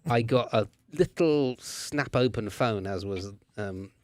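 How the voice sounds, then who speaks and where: An English actor chatting as a guest, telling animated anecdotes about his work. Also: on the low side, slow pace, no echo, studio quality. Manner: storytelling, animated anecdotes with laughs. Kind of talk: casual chat.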